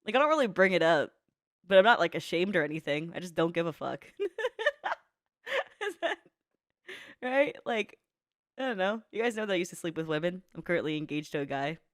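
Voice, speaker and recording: A woman's voice: lowish voice, big pitch swings, fast talker, no echo, studio quality. A young woman streamer in casual chat, blunt, laughing often and swearing freely. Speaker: streamer reacting to a video.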